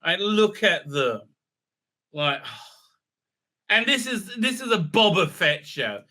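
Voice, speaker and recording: Guy ranting a casual review, lots of uhs, sharp bright voice, a bit high. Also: very animated, slow pace. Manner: rambling, mocking, many fillers. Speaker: video reviewer.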